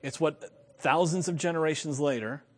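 A man with a fairly high voice preaches a sermon with animated energy. He chuckles often and repeats his points for emphasis. His words ring out with the long reverb of a large hall. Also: normal speed.

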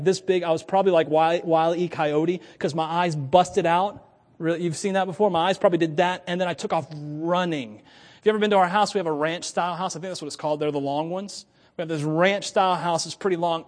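The long reverb of a big hall surrounds this high-pitched, middle-aged male pastor. He preaches through storytelling, swinging between quiet asides and loud declarations, and chuckles at his own tales.

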